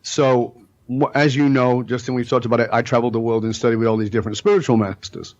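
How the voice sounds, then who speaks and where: As a guest on a podcast, a middle-aged man tells stories emphatically and bluntly, letting the odd curse word slip. He talks quickly in a mid-range voice with fairly even intonation and a darkish tone. The sound is lo-fi.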